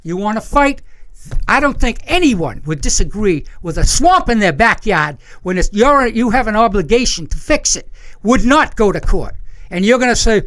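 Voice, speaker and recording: A man's voice: sits high, sing-song, moderate pace, a bit bright. A man speaking as a resident at a town meeting, heated and insistent, repeating himself as he argues his complaint. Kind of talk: angry public comment.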